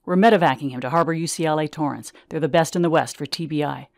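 A brisk male paramedic, clipped and hurried, giving short practical answers, as a woman reading her memoir puts him on. The voice sounds dry and close, with no room echo. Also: low voice, gravelly. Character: brisk adult male paramedic, matter-of-fact.

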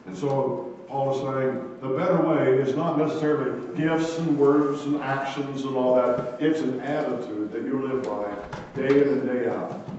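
A man's voice: medium pitch, fairly even intonation, measured pace, a little mellow, slight background noise. A man preaching a sermon in a folksy way, often asking his listeners questions. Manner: folksy, asks the congregation questions. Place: church sanctuary. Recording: echoey hall, distant mic, muffled.

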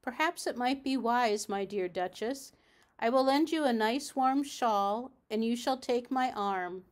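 A woman voicing a kindly but brisk female cat hostess in a storybook reading, in a motherly tone. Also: fairly high pitch, lightly acted.

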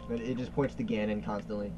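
A man's voice: fairly low pitch, low-quality recording. A man chatting casually and joking as co-commentator on a let's play, laughing often. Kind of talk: casual gaming chat.

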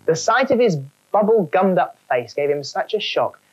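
A woman narrating a children's storybook in a wry, animated way. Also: on the low side, normal speed, lo-fi sound.

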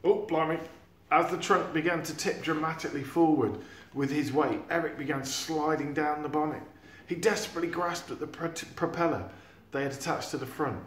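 A man reading a storybook chapter aloud to a class, animated and acting out sound effects. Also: on the high side, a little fast, slight background noise. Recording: echoey room.

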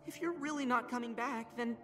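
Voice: medium pitch, fairly quick, a bit bright, natural voice. A performer voicing an insecure male creature in a video game, stammering and nervous. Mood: anxious. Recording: faint music behind.

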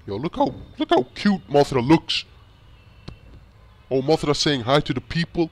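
Excitable man reacting to a video. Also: a little high, a little slow. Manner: excitable, talks to the screen with "yo" and "bro". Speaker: reaction channel host.

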